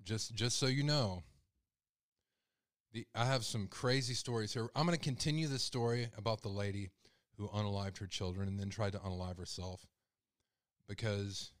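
This man's voice is medium-pitched and a little bright, moving at a normal speed in a dry, clean studio recording. He hosts a live call-in show as live-stream commentary, talking with raw emotion, and his voice climbs when he gets upset.

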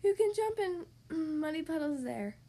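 A woman voicing a wise, gentle mother pig in a calm, patient storybook voice. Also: sits high, brisk. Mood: sleepy.

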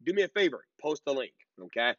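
A man's voice: on the high side, animated, quick pace, a bit bright, no echo. A man in his thirties hosting a live-streamed commentary lecture, emphatic and drawn out, full of fillers and repeated "okay?" checks. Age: 30s. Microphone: laptop. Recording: dull lo-fi and dry.

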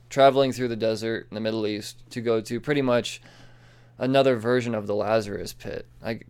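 A man giving a casual, rambling comic book review, excitable and full of swearing and asides. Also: mid-range voice, clear, resonant tone.

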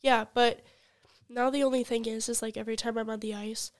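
A woman's voice: fairly high pitch, a little fast. A young woman on a podcast, chatting casually and telling stories animatedly, congested from a cold. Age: young adult. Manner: animated storyteller, acts out quotes, swears. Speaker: podcast guest. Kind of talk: casual chat. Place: podcast studio.

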